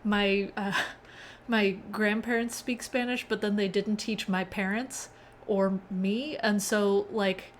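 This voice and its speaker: Slow and fairly even in intonation, this young woman's medium-pitched voice carries a little hiss or hum as she runs a laid-back live-coding stream. She chats with her audience, reads the chat out loud and laughs a lot.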